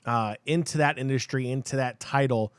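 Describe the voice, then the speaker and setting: A man's voice: mid-range voice, moderate pace, clear, resonant tone, no echo. A man co-hosting a live-streamed gaming podcast, talking casually and hyping the show with cheers. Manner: upbeat, hypes the show with cheers. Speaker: podcast co-host.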